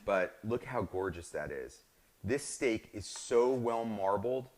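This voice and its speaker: A man's voice: on the low side, lively intonation, slow, a little mellow. A middle-aged man with a New Jersey accent, hosting a live cooking demonstration and chatting enthusiastically to viewers. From northern New Jersey. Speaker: chef hosting a cooking show.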